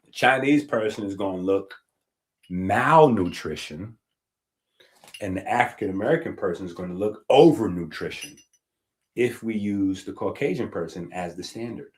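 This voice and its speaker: Lowish-voiced guy on a health stream, emphatic, keeps asking "right?". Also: normal speed. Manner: emphatic, rhetorical, checks in with "right?". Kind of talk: casual monologue reading from a book.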